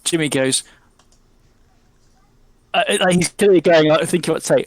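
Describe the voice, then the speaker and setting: A man's voice: fairly high pitch, moderate pace, pauses often, no echo, poor audio. A man narrating a tabletop role-playing game as game master, rambling with many ums and likes.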